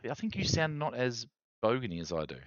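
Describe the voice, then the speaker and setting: Australian male streamer host, casual chatty delivery, very animated pitch, dry dull mic. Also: fast talker, no room sound. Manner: chatty, reads chat aloud, animated rants. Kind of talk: casual live-stream chat.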